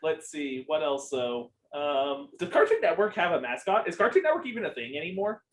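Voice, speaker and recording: A man's voice: fairly high pitch, big pitch swings, fairly quick, slight background noise, poor audio. A young man co-hosting a podcast, rambling in casual chat with lots of ums and swearing. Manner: rambling, profane, with many ums. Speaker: podcast co-host.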